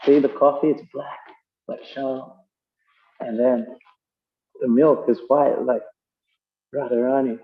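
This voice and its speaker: A man's voice: mid-range voice, little pitch movement, takes it slowly, creaky, long pauses, echoey room, highs cut off. A man voicing a lazy middle-aged husband who dismisses his wife while watching football. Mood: smug. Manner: brash and dismissive.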